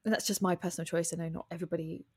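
A woman on a podcast, chatting casually and telling personal stories with lively acted-out thoughts. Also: racing, husky. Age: adult with a husband and a child. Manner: animated storytelling, acts out her own thoughts in high voices. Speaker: podcast guest, comedian and writer. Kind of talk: casual interview chat.

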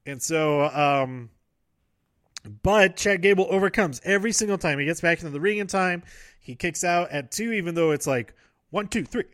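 A man's voice: a little high, moderate pace, fairly bright tone, no echo, studio quality. A man casually recapping wrestling events, rambling, correcting himself and laughing often.

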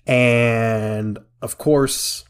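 A man co-hosting a podcast, excitedly retelling movie scenes in casual chat, laughing often and restarting his sentences. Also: mid-range voice, very slow, smooth. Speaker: podcast co-host.

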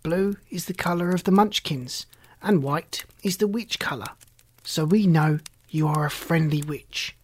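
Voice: medium pitch, unhurried, slightly rough. A reader voicing a friendly, courteous little Munchkin man.

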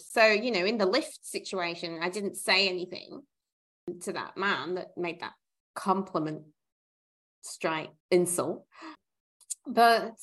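A woman with a gravelly, fry-laden voice talks on a podcast. She reasons out loud and often restarts her sentences as she works toward a point. Her tone stays conversational. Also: medium pitch. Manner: reflective, reasons aloud with self-corrections. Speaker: podcast co-host. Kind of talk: casual podcast discussion.

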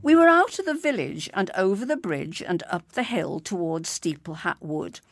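A woman reading a story aloud, unhurried and expressive. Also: lowish voice, faint music behind.

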